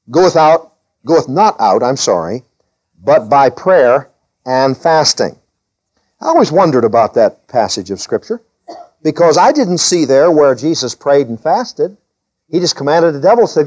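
A pastor preaching a sermon, a man whose voice sits a little high. He lifts up to read scripture and drops back down to explain it. The recording is dull and lo-fi. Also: big pitch swings, moderate pace, darkish tone. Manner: preaching with scripture readings in a raised voice.

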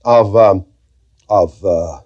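A man teaching a Bible class in a conversational way, now and then dropping into soft, quiet asides and calling on listeners by name. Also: deep voice, drawn-out words. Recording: dull lo-fi tape recording.

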